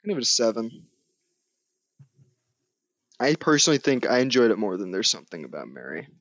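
A man's voice: lowish voice, very animated, brisk, a bit bright, no room sound, muffled recording. A young man co-hosting a casual movie review chat, rambling and amused, with lots of fillers as he retells scenes. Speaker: movie review podcast co-host.

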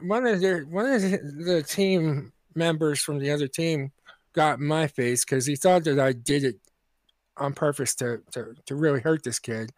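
A man tells a rambling story on a podcast, trips over his words, and restarts his sentences again and again. His voice sits a bit high for a man. The recording is dry and close to the mic. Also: moderate pace, dry recording. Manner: rambling, full of restarts, acts out quoted voices. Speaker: podcast co-host. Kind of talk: casual storytelling chat.

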